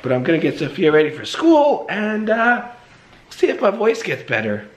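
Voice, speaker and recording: A young man with a hoarse, sick voice, chatting casually in a morning home vlog and clearing his throat often. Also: high-pitched, huge pitch swings, moderate pace, slight background noise. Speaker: vlogger.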